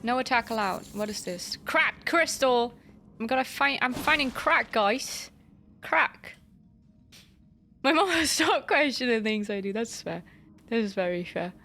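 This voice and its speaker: A woman's voice: fairly high pitch, expressive, normal speed, fairly bright tone, a little hiss or hum. A woman streaming a video game, chatting playfully with her viewers, reading their messages aloud and swearing casually at enemies. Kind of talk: casual gaming livestream commentary.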